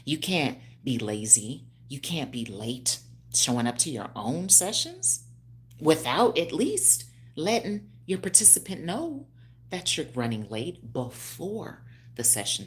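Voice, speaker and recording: A woman in her fifties, a hairstylist speaking on a phone livestream, animated and preachy with frequent laughs. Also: sits low, breathy edge. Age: 50s. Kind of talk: casual livestream talk.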